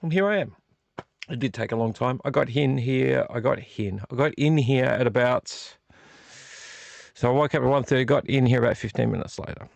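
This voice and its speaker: A man chatting loosely on his live vlog, circling back and repeating himself as he goes. His voice has a gravelly rasp, heard dry and close with no room around it. He sits at a middle pitch for a man. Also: fairly quick, a little mellow, no echo. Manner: rambling and repetitive, apologetic. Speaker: vlog host. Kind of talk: casual late-night live chat. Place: small home studio room.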